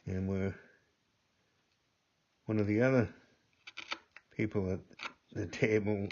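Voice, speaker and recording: An older man with a very deep voice talks slowly through a workshop demonstration, rambling a little and repeating himself as he works. The audio is dull and lo-fi. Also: fairly even intonation, darkish tone, a little hiss or hum. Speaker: gunsmithing instructor.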